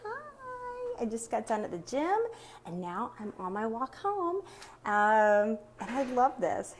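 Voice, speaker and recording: A woman's voice: on the high side, wildly swooping pitch, slow, a little hiss or hum. A woman business coach chatting on a live stream while walking home outdoors, upbeat and a little out of breath, often greeting her viewers. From Texas. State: slightly out of breath.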